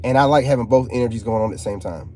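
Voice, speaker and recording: A man's voice: medium pitch, racing, a little mellow, a little hiss or hum. A man, hosting a casual live stream, joking and reading chat aloud. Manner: joking, laid-back, reads chat aloud. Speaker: channel host talking to live chat.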